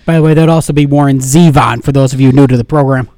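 A radio co-host from Western New York with that regional accent, adding wry, teasing asides. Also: male voice, medium pitch, fairly even intonation, fast, mellow, dry recording. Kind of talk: casual radio banter.

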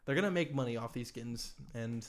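A man's voice: medium pitch, fairly quick. A man co-hosting a podcast in casual chat, often stammering and repeating words. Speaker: podcast co-host.

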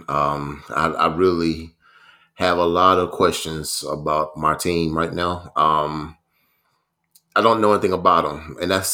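A man co-hosting a casual sports talk show, relaxed and filling his speech with "you know" and "um". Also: low-pitched. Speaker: podcast co-host.

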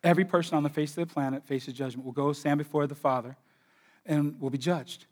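A man preaching a sermon as pastor, swinging between hushed, slow passages and loud, excited stretches where he acts out imagined voices and repeats his words. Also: a little high.

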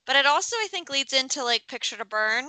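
A woman's voice: high voice, animated, quick pace, pushed and bright, dry recording. A young woman from Maryland with a subtle Baltimore accent, rambling casually as a podcast co-host. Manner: rambling, many "like" fillers. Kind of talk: casual chat.

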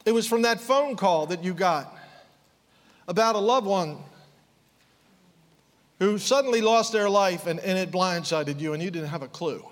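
A man preaching a sermon, fervent, swinging from quiet, low passages to impassioned raised outbursts. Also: animated, unhurried, pauses often, big-room sound.

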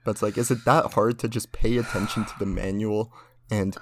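A man's voice: fairly low pitch, steady tone, fairly quick, slight background noise. A young man in casual chat, ranting with lots of swearing as he tells stories about his parents. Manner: ranting, profane, storytelling.

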